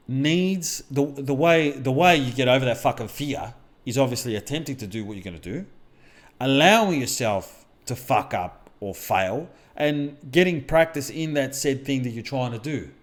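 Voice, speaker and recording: Speaking at a measured pace in an animated, medium-pitched voice, a middle-aged podcast co-host and mindset coach tells personal stories. The talk is casual podcast chat, blunt and heavy on swearing.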